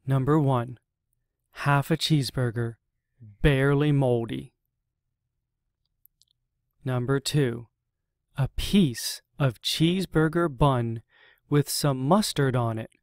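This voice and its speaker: A storyteller reading a children's picture book aloud in a slow, deliberate manner with long pauses. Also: medium pitch, no room sound, clean studio sound.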